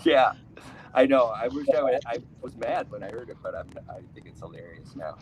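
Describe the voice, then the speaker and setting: A man's voice: medium pitch, expressive, brisk, slight background noise, poor audio. A man, doing a rambling live stand-up set, cutting himself off and laughing at his own jokes. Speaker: stand-up comedian.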